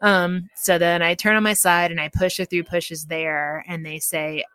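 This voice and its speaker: A woman with a lowish voice tells her story as a podcast guest, casual and chatty. She laughs often and lifts her voice to act out what others said. The sound is dry and close. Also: a little slow, clear, resonant tone, no echo. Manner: laughs often, quotes people in lively voices.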